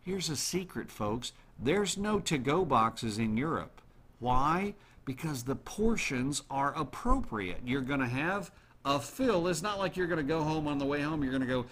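A man hosting a show, chatting casually to his listeners in an animated way and throwing questions at the audience. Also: on the high side, measured pace, slight background noise. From United States. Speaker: radio show host.

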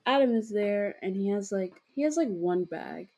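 A woman's voice: mid-range voice, expressive, normal speed, warm tone. A young woman co-hosting a podcast, retelling a dream in a rambling, giggly way with lots of fillers and casual swearing. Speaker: podcast co-host.

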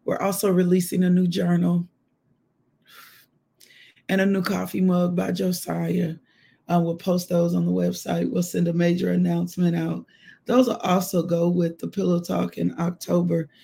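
A woman hosts a live devotional. She is emotional and exclamatory, breaking into spoken prayer and shouts of praise. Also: on the low side, monotone, normal speed, creaky, husky. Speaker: devotional host.

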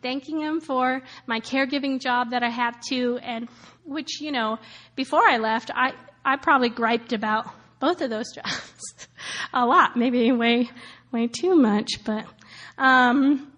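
A high-pitched woman in her thirties shares a personal testimony in a loose, chatty way. She fills her story with "like" and "um", laughs often, and acts out the people she met. Her voice sits bright and light above most women's. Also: a little slow. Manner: animated, many fillers and laughs, acts out quoted voices. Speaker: speaker sharing a personal testimony.

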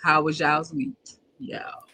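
Bright, husky female podcast host with a slow, animated delivery. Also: sits low. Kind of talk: casual podcast chat.

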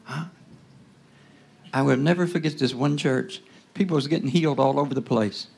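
A man preaching a sermon in a loose, conversational style, tossing asides to the congregation and swinging between loud bursts and near-whispers. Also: medium pitch, moderate pace, gravelly, husky. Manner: call-and-response asides, rising to loud bursts then dropping to whispers.

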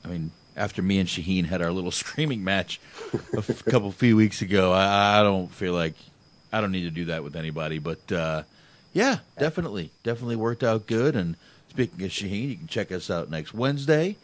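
Male podcast host, lowish voice, laid-back and swearing, stumbles over his words. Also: brisk. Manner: relaxed, profane, hesitant restarts. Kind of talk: casual podcast chat.

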